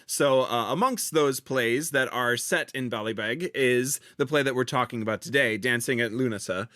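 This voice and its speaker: A man's voice: mid-range voice, moderate pace, sharp tone, dry recording, clean studio sound. A man hosting a podcast, giving a background talk in a casual, hesitant way with many restarts. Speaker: podcast host.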